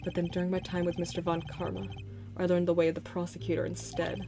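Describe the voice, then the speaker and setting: An earnest young male prosecutor, voiced by a woman reading a game aloud, thoughtful and measured. The voice sits on the low side, with soft game music faint underneath. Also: monotone, lightly acted. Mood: reflective. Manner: reads game lines aloud in her own voice.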